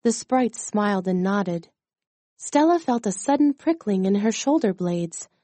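Slow, mellow woman reading a storybook. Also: mid-range voice, animated, no echo. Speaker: audiobook narrator. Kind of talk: scripted storybook narration.

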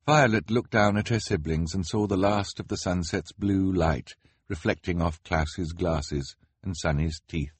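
A man narrates an audiobook in a measured, expressive storytelling style. His voice is deep and slightly rough, and the recording is dry.

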